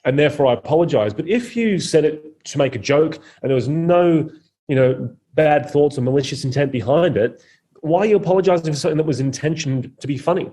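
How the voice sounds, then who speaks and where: A man's voice: fairly high pitch, fairly quick, dark tone, slightly rough. A man, a comedian guest on a podcast, speaking bluntly and opinionatedly and swearing freely in casual conversation.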